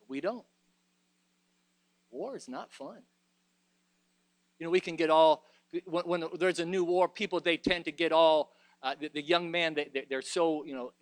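A man preaching a sermon, alternating between loud exhortation and quiet reflection, often stumbling and restarting his phrases. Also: a little high, dry recording.

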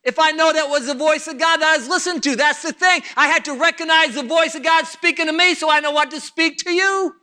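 Fervent high-voiced male preacher. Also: fairly even intonation, quick pace, hardly any pauses, bright, forceful tone. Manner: fervent, repetitive, talks straight to the congregation. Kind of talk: sermon.

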